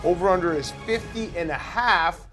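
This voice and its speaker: A man hosting comic sports betting banter, brisk and joking as he runs through the picks. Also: high-pitched, a bit bright, soft background music. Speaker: host.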